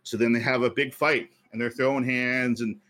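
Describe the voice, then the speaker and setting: A man's voice: medium pitch, level tone, normal speed, fairly bright tone. A man co-hosting a podcast, telling a story at length in casual chat with many fillers. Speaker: podcast co-host.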